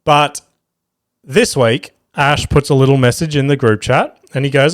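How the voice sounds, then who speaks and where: A man's voice: medium pitch, steady tone, normal speed, dry recording, studio quality. A young man hosting a solo comedy podcast, rambling and sweary, telling stories with lots of restarts and self-mockery. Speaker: podcast host.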